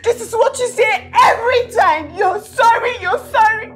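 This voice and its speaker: A woman's voice: high voice, big pitch swings, moderate pace, fairly bright tone. A woman playing a hurt young girlfriend, emotional and defensive in a skit drama. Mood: distressed. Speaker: abused girlfriend.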